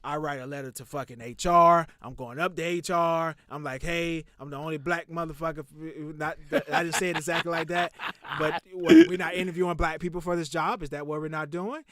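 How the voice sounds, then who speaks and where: A young man hosting a podcast, telling a long story in a loud, profane, animated way that drops to muttering. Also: a little high, brisk. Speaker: podcast host.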